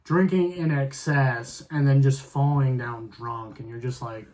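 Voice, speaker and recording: A man's voice: medium pitch, steady tone, a little slow, darkish tone. A man in his thirties chatting on a podcast in a middle-range voice. He rambles along, leaning on "like" as he hunts for his point. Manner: rambling, heavy use of "like". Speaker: podcast co-host. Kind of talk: casual chat.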